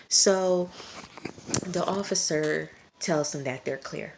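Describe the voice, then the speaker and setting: Low-voiced woman recapping a TV episode. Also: takes it slowly, vocal fry, a little hiss or hum. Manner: chatty, talks straight to viewers, scolds the characters. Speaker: TV episode reviewer. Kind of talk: casual episode recap to camera. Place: at home late at night.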